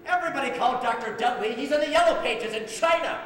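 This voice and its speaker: A man's voice: extremely high pitch, fast talker, a bit bright. Teen boy playing a sarcastic rich man. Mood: indignant. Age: teens. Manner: sarcastic and indignant. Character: indignant wealthy middle-aged man, sarcastic. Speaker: student actor in a school play. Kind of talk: amateur stage acting. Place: large school auditorium stage. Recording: echoey school auditorium from far off, noisy.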